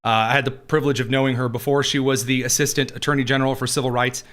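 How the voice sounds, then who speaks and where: A man's voice: medium pitch, flat delivery, fast, fairly bright tone. A man hosting a live political commentary show, talking in a sarcastic, mocking way.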